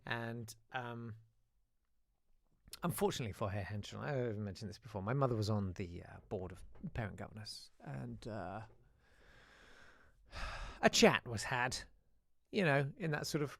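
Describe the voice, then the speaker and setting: A man's voice: lowish voice, expressive, moderate pace, gravelly, long pauses, a bit bright, no room sound. Guy hosting a show, wry rambly story with lots of asides, voice goes up and down a lot. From South-east London. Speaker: host. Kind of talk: casual live-show storytelling.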